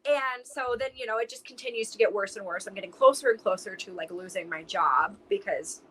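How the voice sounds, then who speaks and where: A young adult woman, guesting on a podcast, tells her story in casual, emotional chat packed with fillers and many "like"s. Her mid-range voice is a bit bright and fairly quick. The recording is low quality, with slight background noise.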